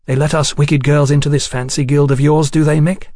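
A man voicing a sharp-tongued young woman singer who answers warily and questions pointedly. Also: a little high, flat delivery, a little fast, no echo, studio quality, lightly acted. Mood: wary. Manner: tart, questioning.

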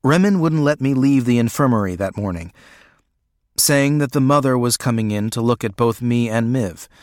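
A man narrating an audiobook in a measured, even way. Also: mid-range voice, dry recording, clean studio sound.

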